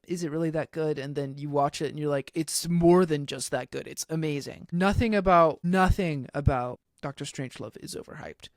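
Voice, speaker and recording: A man co-hosting a podcast, giving animated, opinionated takes on films in casual chat. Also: fairly high pitch, no echo, studio quality. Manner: animated, opinionated, lots of fillers. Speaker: podcast co-host. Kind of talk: casual film discussion.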